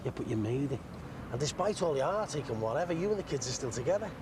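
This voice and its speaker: A man's voice: mid-range voice, sing-song, fast, close to an everyday voice. An actor playing an earnest, chatty young man. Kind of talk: soap opera acting. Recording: outdoor street with loud traffic noise.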